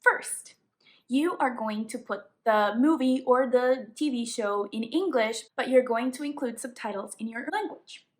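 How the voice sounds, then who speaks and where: A woman from Colombia with a Colombian Spanish accent, a native Spanish speaker, explaining English tips as a teacher in a clear, explanatory way. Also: on the high side, unhurried. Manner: clear, explanatory, emphatic on examples. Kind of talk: tips lesson to camera.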